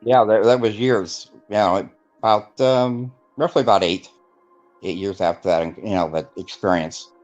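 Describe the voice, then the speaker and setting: A man with a fairly low voice tells a long personal story in a loose, rambling way, full of fillers and restarts. He slips into the voices of the people he quotes. The sound is dull and lo-fi, with faint music underneath. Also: measured pace, darkish tone. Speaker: guest telling his testimony. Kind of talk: casual storytelling interview.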